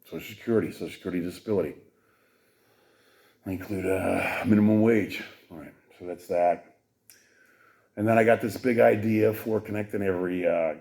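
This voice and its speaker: Shouting, swearing man with a lively pitch. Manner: swings from shouted profane outbursts to low mumbling asides; rambling, with many fillers and restarts. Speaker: podcast host. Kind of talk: political podcast rant.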